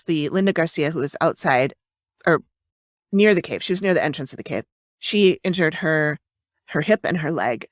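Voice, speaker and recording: Low-voiced woman chatting on a podcast. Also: dry recording, clean studio sound. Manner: chatty, hesitant, frequent fillers and restarts. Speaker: podcast co-host. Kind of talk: casual true-crime podcast chat.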